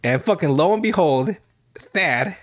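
A young man with a somewhat high voice rambles through a TV recap, swearing freely and laughing as he goes. He restarts sentences over and over, talking casually to a friend as podcast host. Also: lively intonation, a little slow. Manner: rambling, profane, laughs often, many restarts. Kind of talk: casual chat.

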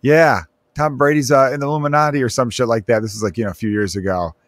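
A man's voice: mid-range voice, steady tone, fast talker, no echo. Male podcast host, casual and joking, dry studio sound. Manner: rambling, joking, fond of asides.

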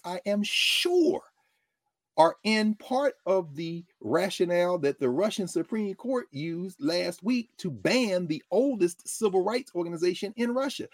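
Guy w/ doing a political talk monologue, kinda husky, voice jumps around a lot, dry close mic. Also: sits high, no room sound. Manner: animated, conversational, quoting others in character.

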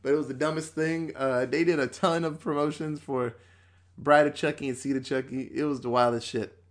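A man's voice: fairly high pitch, steady tone, brisk. Loose, profane man chatting about movies. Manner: loose and profane, acts out quotes. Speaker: podcast host. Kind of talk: casual chat.

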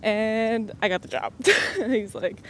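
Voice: medium pitch, fairly even intonation, takes it slowly, fairly bright tone, slight background noise. A young adult podcast host chatting casually, laughing often and acting out what others said. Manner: laughs often, acts out quoted dialogue. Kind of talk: casual storytelling chat.

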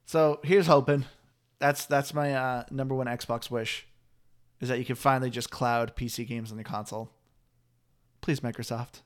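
A man's voice: medium pitch, fairly even intonation, normal speed, clear, resonant tone. A man hosting a casual gaming podcast, chatty and upbeat, laughing easily. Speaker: podcast host. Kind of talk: casual chat.

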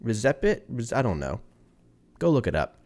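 With huge swings in pitch, a man in his thirties rambles through his solo podcast, swearing casually and chuckling at his own jokes. His voice is mid-range and darkish, moving at a moderate pace.

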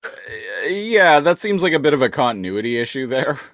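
A man's voice: on the high side, sing-song, brisk, a bit bright, dry recording, studio quality. A man co-hosting a podcast, chatting casually about a comic and chiming in with quips and swearing. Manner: laid-back, chimes in with quips and swearing. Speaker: podcast co-host. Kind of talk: casual comic recap chat.

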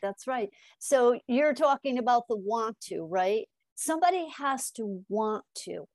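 A middle-aged woman, appearing as a hypnotist guest on a podcast interview, tells her stories with energy in a fairly high voice. She acts out the dialogue herself and punctuates her points with a quick "right?". The recording is close and dry, with no room sound or echo.

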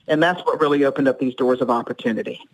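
A middle-aged woman, a speaking coach, giving animated, emphatic advice as a podcast guest. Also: extremely low pitch, fast, low-quality recording. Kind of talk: podcast interview, advice talk.

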